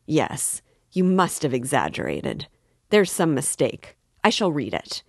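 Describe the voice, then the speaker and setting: A woman's voice: low voice, big pitch swings, unhurried, no room sound, studio quality, heavily acted. A woman reading aloud, voicing a restless, sarcastic male magistrate who probes with fussy politeness. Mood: mock-agreeing.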